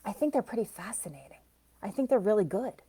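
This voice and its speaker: A woman reading for viewers on a live stream, her talk casual and wandering. She laughs easily and keeps breaking off to answer comments, speaking at an ordinary pitch in an unhurried, conversational flow. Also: animated, dark tone, slightly rough. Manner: chatty and rambling, laughs often, reads viewer comments aloud. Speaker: psychic reader and soul coach.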